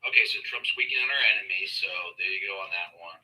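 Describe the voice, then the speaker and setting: A man's voice: sits low, fast, pushed and bright, rough recording. A man calling into a live debate, pressing his points insistently over the host. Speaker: caller in a debate. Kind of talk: heated political debate.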